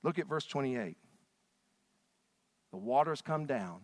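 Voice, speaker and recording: A man preaching a sermon, telling scripture stories dramatically and acting out the quotes with big swings between loud and soft. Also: mid-range voice, sing-song, slow, pauses often, long reverb tail. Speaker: pastor.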